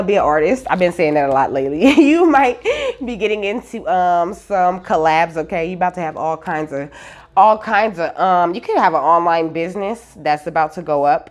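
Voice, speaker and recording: A woman giving a casual spiritual reading, giggling often, swearing casually and asking "okay?" after most points. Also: lowish voice. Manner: giggly, animated, peppered with "okay?"; reads lyrics aloud and swears casually. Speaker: tarot reader.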